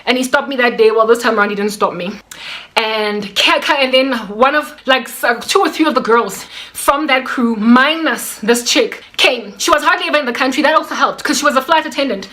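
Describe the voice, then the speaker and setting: A woman telling a personal story in an animated, chatty way, full of fillers and acted-out dialogue. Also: high-pitched, brisk. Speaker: vlogger.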